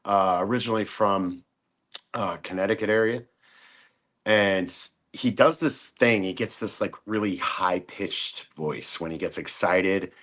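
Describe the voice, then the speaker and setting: A man's voice: sits low, measured pace, a bit bright. A man talking as a podcast guest in casual chat, rambling with many fillers and acting out quotes of others.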